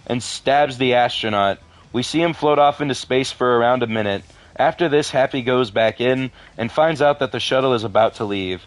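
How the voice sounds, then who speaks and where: A man casually reading a horror story aloud for his video, breaking off for deadpan asides and the odd curse. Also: medium pitch, moderate pace. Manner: deadpan asides, swears in frustration.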